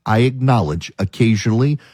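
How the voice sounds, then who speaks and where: A man's voice: mid-range voice, expressive, fairly quick, warm tone, breathy edge, no echo, studio quality. A man hosting a radio talk show, arguing his opinions emphatically and hammering the same points again and again. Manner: emphatic, argumentative, repeats points.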